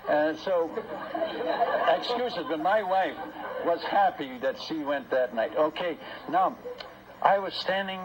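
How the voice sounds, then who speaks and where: A male preacher tells a story from the pulpit in a homely, folksy way. His voice sits fairly high for a man, and he slips into the other people's parts as he goes. A faint noise runs under the recording. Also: slow. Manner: folksy, lively retelling that acts out both sides of dialogues; homely asides and questions to the audience. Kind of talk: storytelling sermon.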